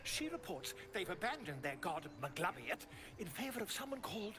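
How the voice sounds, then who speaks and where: A man's voice: high-pitched, sing-song, a little fast, music in the background. An actor playing an eager, scholarly male adventurer in a video game who is curious and delighted by scandal. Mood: intrigued. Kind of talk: video game character dialogue.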